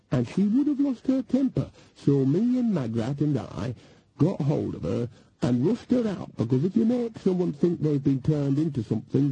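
A man's voice: medium pitch, mellow, a little hiss or hum, poor audio. A man voicing a cheerful, mischievous old woman witch who talks chattily, read as an audiobook character.

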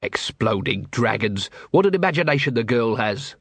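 A man's voice: medium pitch, sing-song, normal speed, fairly bright tone, husky, dry recording, exaggerated voice. A man voicing a weary, cynical middle-aged watch captain in an audiobook, with a dry, grumbling manner. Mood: gruff.

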